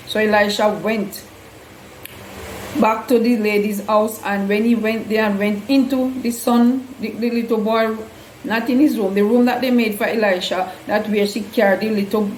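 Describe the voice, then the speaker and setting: A woman's voice: medium pitch, a little mellow. A woman earnestly retelling Bible stories in loose, non-standard grammar, with an echo around her voice. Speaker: host, Bible storyteller. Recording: echoey room with faint hum.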